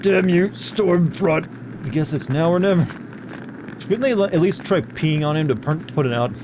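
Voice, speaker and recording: A man's voice: a little high, animated, fairly quick, background noise. A young man streaming a game, joking and sarcastic as he reads its dialogue aloud. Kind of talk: casual gameplay commentary.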